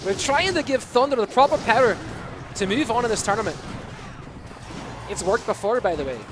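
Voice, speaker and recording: A man's voice: very high voice, brisk. A man putting on a rousing Scottish caster. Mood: excited. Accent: put-on Scottish. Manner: excitable, big exclamations. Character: hyped Scottish esports caster, adult man. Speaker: esports commentator. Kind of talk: live game commentary. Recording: music behind the voice.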